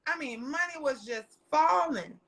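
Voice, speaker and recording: A woman tells stories as a podcast guest. Her voice sits high and sounds bright and forceful. She talks loudly and animatedly, swearing freely and breaking into laughter. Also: unhurried, a little hiss or hum. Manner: loud, animated and profane, laughing often. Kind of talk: casual storytelling chat.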